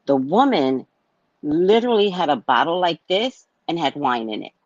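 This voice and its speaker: This low-voiced woman, a psychic reader, tells a personal story in a casual monologue with big swings in pitch at a moderate pace. She's blunt and swears freely while acting out a heated argument, and the recording is dry and lo-fi.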